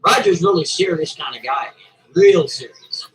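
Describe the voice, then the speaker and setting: Male storyteller, casual and rambling, animated high delivery. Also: moderate pace, poor audio. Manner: rambling, asks listeners "right?" and "see?".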